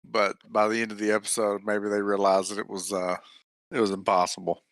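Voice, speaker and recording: A man's voice: fairly low pitch, completely flat delivery, brisk, a bit bright, no echo. A man co-hosting a podcast, making wry, chatty comments in casual conversation. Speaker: podcast co-host. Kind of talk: casual chat.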